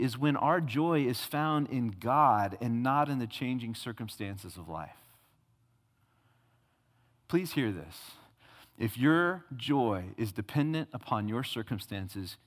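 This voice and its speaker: A male pastor preaching a sermon with emphatic repetition and rhetorical questions, recorded in a church sanctuary. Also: mid-range voice. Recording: long hall reverb.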